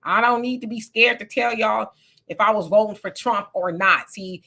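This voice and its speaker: A woman's voice: mid-range voice, moderate pace, sharp tone. A woman, casually co-hosting a livestream and reading viewer comments aloud with sassy asides.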